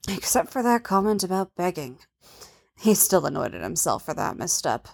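A woman narrating a romance story in a soft, intimate, unhurried manner. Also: lowish voice, sing-song, creaky.

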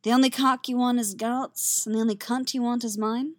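A woman's voice: on the high side, steady tone, brisk, dry recording, voice pushed up, close to an everyday voice. A woman voicing a cool sorceress who teases in a prim, dry way. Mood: dry teasing.

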